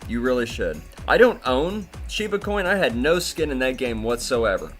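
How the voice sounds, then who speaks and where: A man's voice: mid-range voice, big pitch swings, normal speed, a bit bright. A man hosting a crypto news video, ranting angrily and swearing a lot, with faint music behind him. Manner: profane, heated ranting. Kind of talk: angry crypto news commentary.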